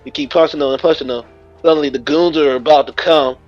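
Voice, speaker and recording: A man's voice: fairly high pitch, steady tone, fast, soft background music. A man casually narrating a fan-made story in a loose, chuckling way, on a muffled recording. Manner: loose, chuckling, with many restarts. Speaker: guest storyteller.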